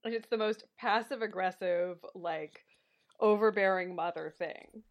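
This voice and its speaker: A woman's voice: mid-range voice, measured pace. A woman co-hosting a podcast, making dry, matter-of-fact remarks about a theatre production. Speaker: podcast co-host. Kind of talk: casual theatre discussion.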